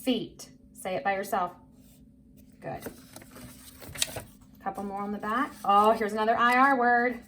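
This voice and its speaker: A woman's voice: mid-range voice, measured pace, long pauses. A woman teaching a phonics lesson to young children, patient and encouraging, drawing out each word for them to repeat. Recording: faint background noise.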